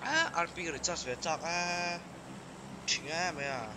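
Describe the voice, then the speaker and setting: A young man from Northeast India streams a mobile shooter live, talking with his squad in a slightly high voice. He mixes languages freely and breaks into loud, excited outbursts. Steady noise sits under his voice. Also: moderate pace. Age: young adult. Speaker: game streamer. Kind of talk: live gameplay chat with teammates. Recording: noisy stream audio.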